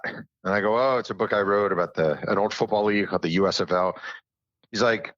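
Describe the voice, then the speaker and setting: A man with a deep, low voice tells stories as a podcast guest, slipping into the voices of the people he quotes and poking fun at himself. The sound is dry and a little dull, like a lo-fi remote mic. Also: quick pace, dry recording. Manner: animated storyteller who acts out quotes, self-deprecating. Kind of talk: casual interview storytelling.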